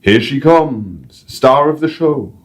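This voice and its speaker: A man voicing a red-faced, jolly male bird-show guide with a Northern English accent, exclaiming and booming as he reads aloud from his novel. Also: lively intonation, slow pace. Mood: excited.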